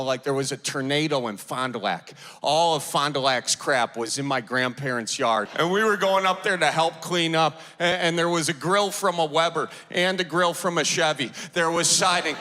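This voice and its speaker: A man's voice: a little high, pushed and bright, slight background noise. A man doing stand-up on a club stage, telling folksy family stories to the crowd. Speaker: stand-up comedian. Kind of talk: stand-up storytelling. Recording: long hall reverb.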